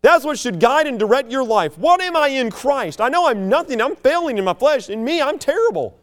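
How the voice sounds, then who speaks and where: A man preaching a sermon with passion, swinging between loud declarations and hushed asides. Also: big pitch swings, a little fast. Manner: mocks proud churchgoers in a sneering low voice.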